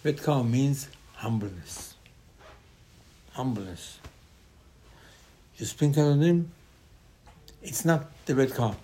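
A man preaching a Torah lesson. His voice sits at an ordinary middle pitch, jumping to loud bursts and then dropping to hushed asides as he tells the stories. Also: lively intonation, takes it slowly, pauses often. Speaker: rabbi teaching Torah. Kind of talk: Torah class sermon.

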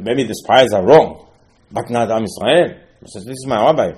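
Animated man teaching a Torah class. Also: medium pitch, moderate pace. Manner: animated, acts out quoted speakers with sudden loud outbursts and dropped asides.

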